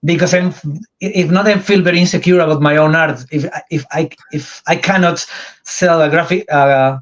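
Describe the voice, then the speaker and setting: A man's voice: on the high side, fairly even intonation, normal speed. Guest: Spanish man, accented English, searching for words, slightly dull lo-fi audio. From Spain. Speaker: interview guest, comic artist. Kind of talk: casual interview chat.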